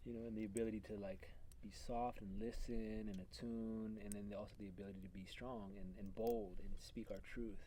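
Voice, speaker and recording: Reflective low-voiced man, faint hiss. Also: level tone, brisk, dark tone, poor audio. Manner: reflective, searching for words. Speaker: podcast co-host. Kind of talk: casual conversation.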